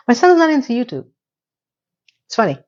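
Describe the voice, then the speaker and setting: A middle-aged woman talks through a TV episode in a loose, chatty recap, her voice jumping up in pitch when something moves her. The sound is a little dull and muffled. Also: a little mellow. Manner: chatty and emotional, with quick rises in pitch. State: tearful. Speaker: TV recap vlogger. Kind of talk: casual solo recap.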